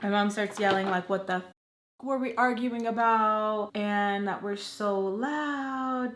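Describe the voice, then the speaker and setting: A young woman telling a long personal story in casual chat, emotional and full of "like" fillers. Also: mid-range voice. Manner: chatty, emotional, many "like" fillers. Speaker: storytime vlogger. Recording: roomy echo.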